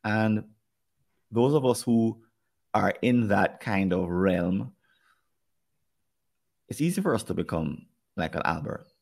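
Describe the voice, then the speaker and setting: Gravelly Jamaican man, thoughtful. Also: fairly low pitch, animated, darkish tone. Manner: thoughtful, speaks in halting restarts. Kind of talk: podcast conversation.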